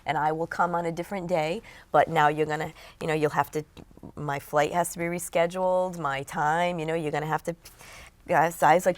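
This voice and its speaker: A woman guest in an interview, telling a story in an animated way and acting out what people said. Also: sits low, normal speed. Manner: animated storyteller, acts out quotes.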